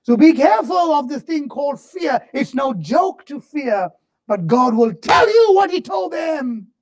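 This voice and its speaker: A male preacher delivers a passionate sermon in a strikingly high voice. His pitch rises and falls dramatically as he moves from fervent shouts to hushed, slowed-down lines. The delivery is animated and emphatic throughout. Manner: impassioned, swings from shouts to low murmurs.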